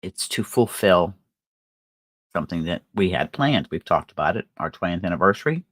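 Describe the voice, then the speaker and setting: A woman's voice: rumbling low, animated, moderate pace, breathy edge, no echo. An older woman hosting a crafting livestream, chatting casually and rambling with fillers and laughter. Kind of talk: casual chat.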